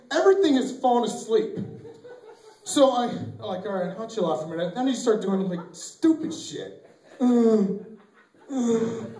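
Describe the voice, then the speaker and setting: Man, stand-up comic, high voice, swooping pitch, shouted punchlines, echoey far-off camcorder sound. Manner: loud, animated, acts out voices with shouts. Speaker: stand-up comedian. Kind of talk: stand-up routine. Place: small venue with live audience. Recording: echoey amateur video from a distance.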